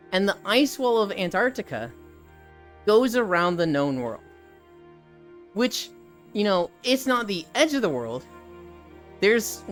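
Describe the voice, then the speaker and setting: Rambling, laid-back live streamer. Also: mid-range voice. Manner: rambling, swears freely, laughs often. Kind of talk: casual stream chat, reacting to chat.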